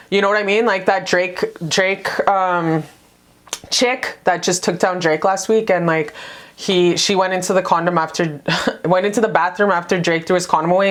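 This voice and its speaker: A woman giving a casual love tarot reading to the camera, chatty and blunt, swearing freely and calling her viewers "you guys". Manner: animated, jumps in pitch for emphasis. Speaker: tarot card reader.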